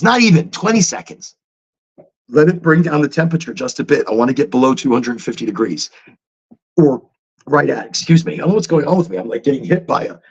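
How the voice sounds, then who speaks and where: Animated rambling man on a lo-fi stream. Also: a little high, slightly rough. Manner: animated, rambling, chatty asides. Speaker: livestream host. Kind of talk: casual livestream chat. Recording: dull lo-fi stream audio.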